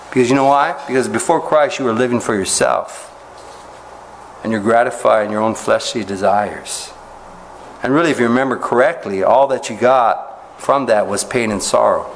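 A man's voice: moderate pace, a little hiss or hum, poor audio. Conversational preaching man, rhetorical questions. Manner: animated rises in pitch when making a point. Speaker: pastor. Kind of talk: expository sermon.

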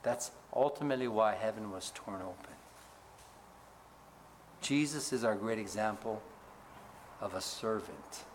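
A male pastor preaching a sermon, asking the congregation to fill in words, rising for emphasis and dropping low to close each point. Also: unhurried, long pauses, noisy background.

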